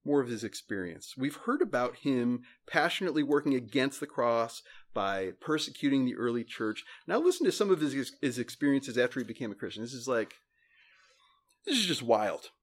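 A man preaching a sermon as pastor, reading scripture aloud slowly with heavy emphasis and earnest feeling. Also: mid-range voice, animated.

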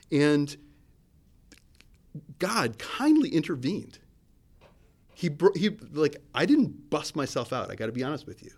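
Animated conversational man preaching. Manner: conversational, searching, with restarts and lively swings in pitch and loudness. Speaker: pastor. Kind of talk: sermon.

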